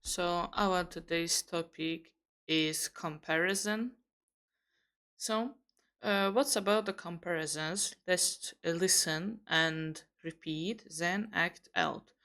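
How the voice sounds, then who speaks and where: A young woman from Azerbaijan teaches English grammar in an online lesson. She talks at an unhurried, measured pace. She pauses often and corrects herself as she explains. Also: lowish voice, a bit bright.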